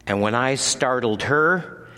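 A man preaching a sermon as pastor, moving from measured teaching to loud, emphatic proclamation. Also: lively intonation. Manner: builds from low measured teaching to loud, high-pitched preaching. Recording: long hall reverb.

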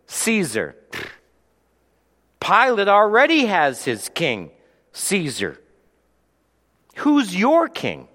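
A man preaching a sermon as pastor, swinging between loud, forceful preaching and hushed storytelling, in a church sanctuary. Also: sits high. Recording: long hall reverb.

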